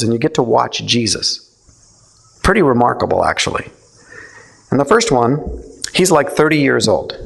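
A man leads a theology session before a live audience, speaking informally with a mid-range voice that is breathy and full of vocal fry. He keeps checking in with listeners through questions and acts out the lines he quotes.

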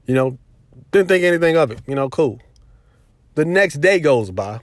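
A man vlogging, telling a personal story in a casual, animated way with lots of "you know" fillers, as a commentary host. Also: mid-range voice, fairly quick, dry recording, clean studio sound. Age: adult with daughters. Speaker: video host.

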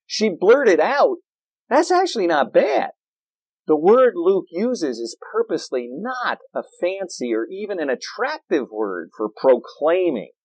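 A man preaching a sermon in a church, animated and playful, with jokes and asides. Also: on the high side, no echo, low-quality recording. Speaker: pastor.

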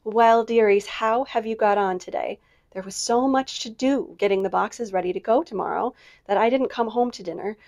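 A woman's voice: a little high, normal speed, a little mellow, natural voice. A woman voicing a cheerful, motherly middle-aged woman who talks affectionately. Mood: cheery.

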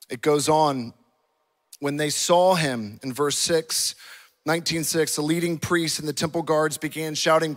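Impassioned male preacher, higher voice. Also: steady tone, a little slow. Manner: impassioned preaching, acting out scripture dialogue. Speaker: pastor. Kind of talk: sermon. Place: church auditorium.

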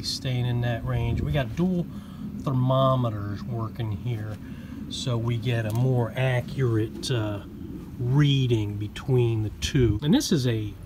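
A man hosting a home cooking video, talking casually outdoors and explaining each step in an easygoing, chatty way. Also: mid-range voice. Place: outdoors by a backyard smoker. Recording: outdoor recording with noticeable background noise.

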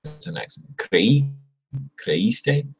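A man's voice: medium pitch, expressive, takes it slowly, vocal fry, breathy edge, soft background music. A young man on a casual livestream, repeating verb forms aloud and muttering asides as he studies. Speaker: channel host studying Spanish. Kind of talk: casual livestream study session.

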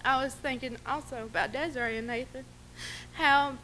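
A woman telling personal stories at a memorial service, fighting back tears, rambling and quick to laugh. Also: sits high, fairly even intonation, pushed and bright, a little hiss or hum. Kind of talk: personal remembrance speech.

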